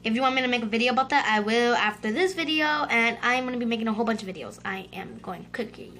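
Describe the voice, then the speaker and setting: High, bright, excitable gaming voice. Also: female voice, fast talker, slight background noise. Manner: excitable, dramatic outbursts. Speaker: gaming YouTuber. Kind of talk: gameplay commentary.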